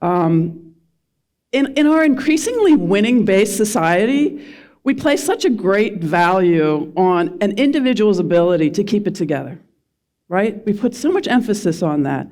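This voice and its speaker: A woman's voice: mid-range voice, very animated, moderate pace, a little mellow. A middle-aged woman from the Philadelphia suburbs giving a public speech to a live audience, joking at her own expense and asking the crowd questions. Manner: self-deprecating, quizzes the audience. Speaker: speaker at a community event.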